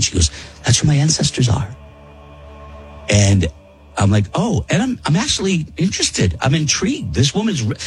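A mid-range male voice, captured in rough audio, tells a casual story to friends on a podcast. His telling wanders, breaking off and starting over, with words repeated.

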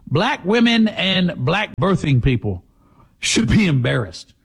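A sarcastic talk host with a husky, fairly high voice that swings widely in pitch. He delivers emphatic opinion commentary, leaning hard on his punchlines. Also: big pitch swings, measured pace.

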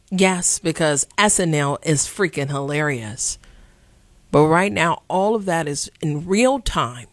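Woman host, animated and sarcastic, slightly low voice, dry booth sound. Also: no echo. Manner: animated, sarcastic, playful asides. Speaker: podcast host. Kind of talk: casual political commentary.

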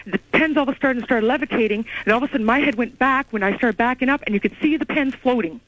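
Woman caller, rambling and excited, bright high voice, dull lo-fi phone sound. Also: fast talker, dry recording. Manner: excited, rambling, breathless storyteller. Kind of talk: call-in radio storytelling. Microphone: phone call. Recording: muffled lo-fi phone line.

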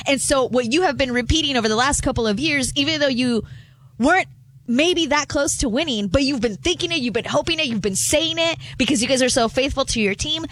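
A woman's voice: sits high, a bit bright, dry recording. A woman co-hosting a sports radio show, chatty and teasing. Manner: teasing, talkative, quick to laugh. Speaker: radio co-host. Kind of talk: casual sports radio chat. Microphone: studio microphone.

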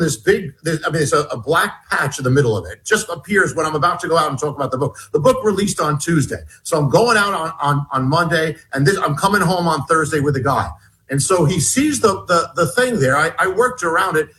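A man talks as a guest on an interview show, recounting events in a loose, halting way. His voice sits a bit high for a man. He often restarts mid-sentence and repeats words before pushing on. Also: sharp tone, poor audio. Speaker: guest author. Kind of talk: storytelling in a conversational interview.

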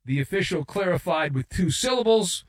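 A man's voice: high voice, animated, moderate pace. A middle-aged man hosting a sports talk radio show, delivering a sarcastic, opinionated monologue and mocking outrage with put-on voices.

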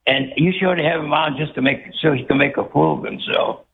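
A man's voice: on the high side, steady tone, a little fast, vocal fry. A man calling in to a radio show, speaking bluntly and scornfully. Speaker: caller. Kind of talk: phone-in call. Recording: phone line with faint noise.

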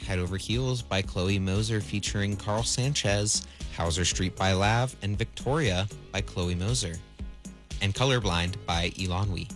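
A woman's voice: very deep voice, measured pace, faint music behind. A woman co-hosting a college radio show, chiming in with short, dry quips and reading out the playlist. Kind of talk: casual on-air radio chat. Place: radio studio.

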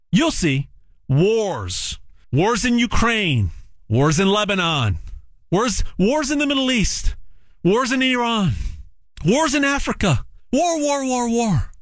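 A man giving a direct sales pitch for gold, emphatic and repetitive with frequent stammered restarts. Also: fairly bright tone, dry recording.

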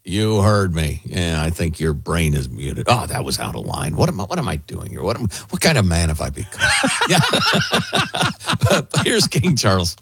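Joking radio guy, low voice that swings all over, bit husky, dry studio sound. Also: wildly swooping pitch, normal speed, fairly bright tone, no room sound. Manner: wry, joking, mock-pompous. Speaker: radio talk show co-host. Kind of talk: casual radio banter.

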